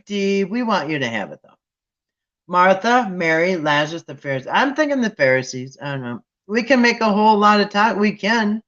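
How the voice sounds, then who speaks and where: A man hosting a Bible trivia game with viewers, chatting casually and thinking aloud with restarts and sudden excited jumps. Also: sits high, normal speed. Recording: dull lo-fi sound.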